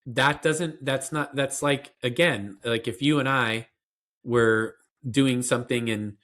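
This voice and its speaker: A man's voice: medium pitch, fairly even intonation, takes it slowly, fairly bright tone. A man being interviewed as a parenting expert, explaining in an earnest, conversational way with fillers and restarts.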